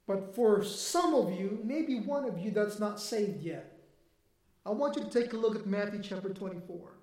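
High-voiced man preaching in an echoey room. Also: animated, normal speed. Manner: emphatic preaching, rising to near-shouting. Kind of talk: sermon.

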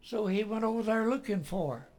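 A man's voice: high-pitched, lively intonation, darkish tone. A man preaching a sermon in a folksy, storytelling way, rising dramatically when he quotes. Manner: folksy, slow, with dramatic rises when quoting.

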